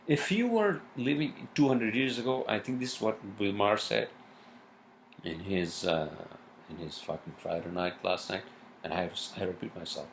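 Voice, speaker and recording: A man's voice: on the low side, animated, moderate pace, gravelly, slight background noise. A man ranting in a solo vlog, worked up and swearing constantly, with many fillers and restarts. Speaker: vlogger. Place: New York home.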